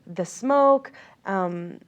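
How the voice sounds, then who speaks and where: A woman's voice: medium pitch, animated, extremely slow. A woman from Israel, an interview guest, telling a personal story earnestly and reflectively, with many fillers and restarts.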